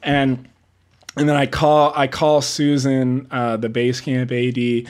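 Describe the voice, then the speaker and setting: A man's voice: mid-range voice, measured pace, clear, resonant tone. A man who works as a production assistant, telling stories from film sets in a casual interview, acting out quotes and laughing often. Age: older than typical entry-level peers. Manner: animated storyteller, acts out quotes, laughs often.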